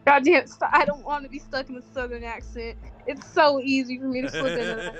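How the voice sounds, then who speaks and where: A woman's voice: sits high, fairly even intonation, a little fast, over music. A woman player at a tabletop game, bubbly and chatty, often laughing. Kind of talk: casual chat at a tabletop game.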